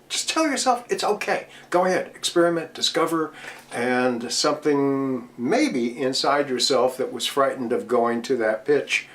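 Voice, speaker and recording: A middle-aged man teaching voice technique, explaining patiently and demonstrating with his own voice. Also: medium pitch. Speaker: voice coach speaking to DJs. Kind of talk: instructional talk at a virtual convention.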